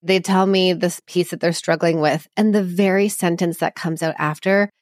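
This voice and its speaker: A woman's voice: on the low side, steady tone, normal speed, dry recording, studio quality. A woman psychologist guest on a podcast, explaining in an earnest, reassuring way with everyday examples. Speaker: psychologist and couples therapist guest. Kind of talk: conversational podcast interview.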